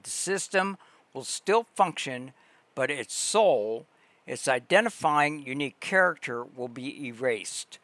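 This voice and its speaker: A man hosting a livestream, reading a long text aloud slowly and deliberately, pausing and restarting words. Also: mid-range voice, animated, fairly bright tone, dry recording. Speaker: livestream host.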